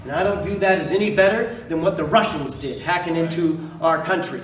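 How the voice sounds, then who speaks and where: A man's voice: fairly high pitch, a little fast, echoey room, distant mic, slight background noise, rough recording. Impassioned man giving a stump speech. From Maine. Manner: impassioned, emphatic, repeats phrases for effect. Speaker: political candidate.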